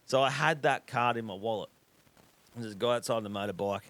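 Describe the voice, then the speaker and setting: A man with an Australian accent hosts a podcast, speaking a little fast at medium pitch. In casual chat he tells a rambling story, swearing constantly, staying animated, and dropping into quoted voices.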